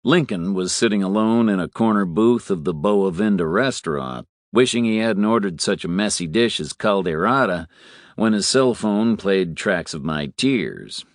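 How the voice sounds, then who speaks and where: Low, lively male audiobook narrator. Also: dry recording, clean studio sound. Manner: measured, expressive. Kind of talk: scripted narration.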